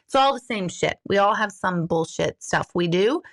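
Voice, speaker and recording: A woman's voice: medium pitch, animated, moderate pace. A middle-aged woman, a life coach, talking candidly on a live stream, mocking herself and swearing freely. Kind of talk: casual live-stream monologue.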